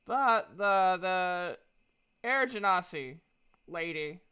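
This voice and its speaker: A woman playing halting male messenger. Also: fairly low pitch, lively intonation, pushed and bright, smooth, heavily acted. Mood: hesitant. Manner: halting, with many fillers and restarts. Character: hesitant male messenger delivering letters.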